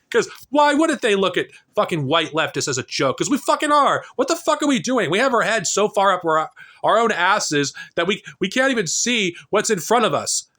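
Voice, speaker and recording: A fired-up man in his thirties rants at his camera, his high voice swinging widely up and down. He sounds bright and forceful, swearing freely and stumbling over restarts as the frustration pours out. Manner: heated, profane, halting with frequent restarts. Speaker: political vlogger. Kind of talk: angry political rant to camera. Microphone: camera mic.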